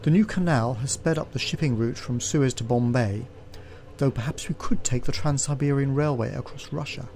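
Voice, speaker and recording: A man voicing a cool, reserved English gentleman who speaks in a clipped, formal way. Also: mid-range voice, moderate pace, gravelly, a little hiss or hum, lightly acted. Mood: aloof.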